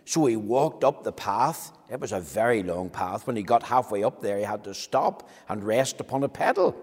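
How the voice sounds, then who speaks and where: A man's voice: lowish voice, lively intonation. Man telling children a story in a hall. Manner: slow, gentle storytelling. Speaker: children's talk presenter. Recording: echoey hall with long reverb.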